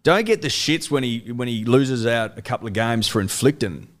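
A man co-hosting a crude comedic sports podcast, animated and sweary, his voice climbing when he rants. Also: mid-range voice, normal speed. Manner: animated, swearing, rising excitedly when ranting. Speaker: podcast co-host.

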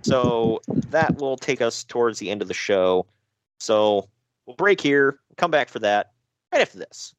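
Animated man casually chatting. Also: medium pitch, measured pace, a little hiss or hum, low-quality recording. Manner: animated, jokey, loose. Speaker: podcast co-host. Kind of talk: casual chat recapping wrestling.

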